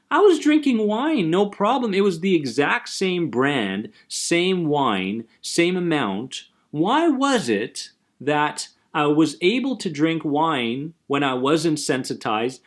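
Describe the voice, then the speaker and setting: A man hosting a self-help podcast, talking earnestly and emphatically about anxiety and often checking in with "right?". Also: a little high. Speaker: anxiety coach and podcast host. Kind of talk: motivational self-help talk.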